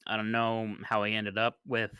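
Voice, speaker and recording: A man narrating a tabletop game as dungeon master, relaxed and hesitant, with many restarts. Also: lowish voice, moderate pace, clear, resonant tone, dry recording.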